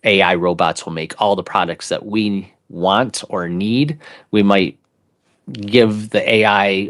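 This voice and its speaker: A man's voice: fairly low pitch, steady tone, slow pace, fairly bright tone. A man co-hosting an investing show, chatting casually and rambling through his theories. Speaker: co-host. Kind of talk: casual chat.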